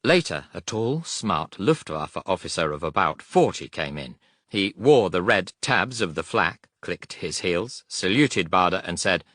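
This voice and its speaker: Deep male audiobook reader, bright crisp tone, dry close sound, steady pace. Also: unhurried, dry recording. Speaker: audiobook narrator. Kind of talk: scripted audiobook narration.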